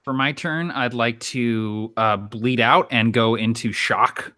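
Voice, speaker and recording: A man's voice: medium pitch, takes it slowly, pushed and bright, no room sound. A man playing in a tabletop role-playing game, joking and laid-back as he describes his character's state. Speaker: player. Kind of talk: casual tabletop play.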